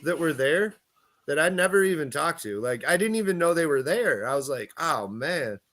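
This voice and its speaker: A man co-hosting a relaxed podcast chat, his voice bright and a little high for a man. He talks in a laid-back way, swears casually and laughs a lot. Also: fairly quick. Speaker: podcast co-host.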